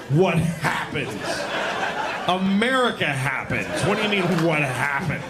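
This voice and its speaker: A man from New York doing a deadpan stand-up routine on a club stage, now and then jumping into high mimicry. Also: unhurried. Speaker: stand-up comedian. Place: comedy club stage before a laughing crowd. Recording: live club recording, crowd noise.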